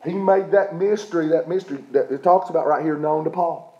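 A middle-aged man preaching with steady emphasis, stopping often to check that his congregation follows. His voice sits a little high but sounds mellow and dark in tone. The recording is dull and lo-fi, as if captured in a church. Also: brisk, roomy sound. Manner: emphatic preaching with repeated "okay?" check-ins. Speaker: pastor. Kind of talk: sermon.

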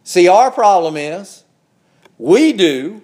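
A man preaching a sermon, slow and emphatic, climbing higher when he presses a point. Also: sing-song, a little mellow.

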